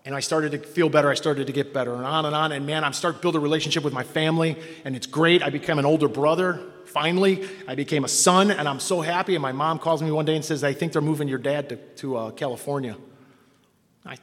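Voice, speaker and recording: A man's voice: on the high side, fast. A man from Cleveland telling his own recovery story to a meeting, wry and self-mocking, acting out the people he quotes. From Cleveland, Ohio. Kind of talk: personal story told to an audience. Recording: long reverb from a hall.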